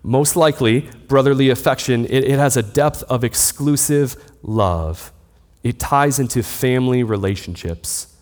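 A man's voice: mid-range voice, a little slow, a little mellow. A man in his thirties preaching a sermon, teaching steadily and posing rhetorical questions to the listeners. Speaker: pastor. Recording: long hall reverb.

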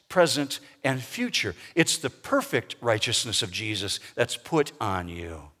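A male pastor preaching a sermon, emphatic, slowing down to stress key words. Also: medium pitch, fairly bright tone. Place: church sanctuary. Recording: long reverb of a large hall.

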